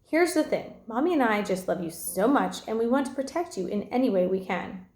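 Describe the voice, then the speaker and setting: Woman voicing a playful, excitable dad, storybook reading, a bit raised, echoey room. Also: on the high side, a little fast. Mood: reassuring. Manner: excitable and jokey. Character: playful joking father, teasing his son.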